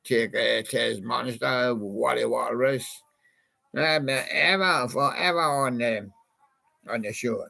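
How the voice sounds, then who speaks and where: A man's voice: medium pitch, slow pace, creaky, bright, forceful tone. A man in a rambling, casual monologue, reminiscing about old songs and chatting to a toy badger. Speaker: channel host.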